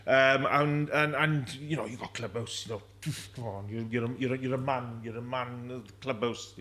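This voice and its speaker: A man co-hosting a casual podcast from a rugby clubhouse bar. He talks in an animated way, repeats himself and laughs a lot. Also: mid-range voice, normal speed. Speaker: podcast co-host. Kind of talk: casual pub chat.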